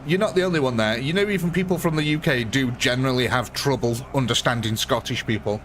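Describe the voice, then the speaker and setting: A man's voice: mid-range voice, quick pace, a bit bright, a little hiss or hum. A young man with a northern English accent, chatting on a live stream, answering viewers by name and laughing often. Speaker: game streamer. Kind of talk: live-stream chat and commentary.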